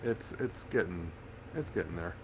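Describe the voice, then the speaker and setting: A man co-hosting a podcast, speaking in a hesitant, low-key way with many fillers. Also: lively intonation, moderate pace. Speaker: podcast co-host. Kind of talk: casual chat. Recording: noisy background.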